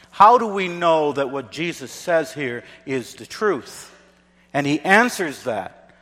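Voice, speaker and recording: A man preaching a sermon as a pastor, emphatic and swinging between hushed, low passages and loud declarations. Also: animated, slow. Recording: long reverb of a large hall.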